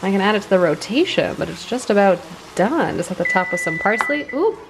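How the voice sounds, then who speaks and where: A woman's voice: medium pitch, expressive, a little fast, noisy background. Chatty young woman vlogging at home. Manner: chatty and self-deprecating, with frequent fillers. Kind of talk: casual chat. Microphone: handheld vlog camera.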